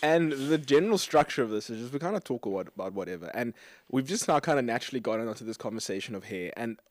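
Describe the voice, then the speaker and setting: A man's voice: mid-range voice, animated, fast, no room sound, clean studio sound. A man hosting a casual podcast chat, joking and laughing with his co-hosts, from South Africa. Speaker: radio host.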